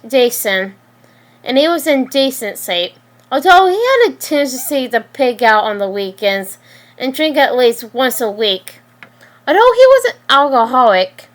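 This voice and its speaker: A woman reading her own story aloud, halting, with frequent restarts and slips. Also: fairly high pitch, fairly bright tone.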